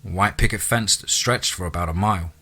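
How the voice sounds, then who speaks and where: A man narrating a listener's true ghost story in a dramatic storytelling manner, dropping into low asides. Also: brisk, bright, forceful tone, slight background noise.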